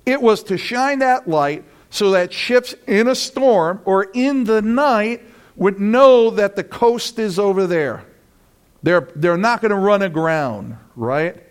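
Preaching a sermon with animation, a male pastor speaks in a high voice at a slightly slow pace. He voices his friends' lines and climbs to loud peaks.

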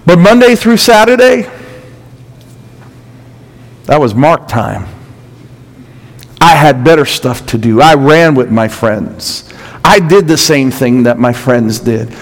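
A man's voice: on the high side, expressive, slow, pauses often, poor audio. A middle-aged male pastor preaching a sermon, building intensity with rhetorical questions and emphatic repetition.

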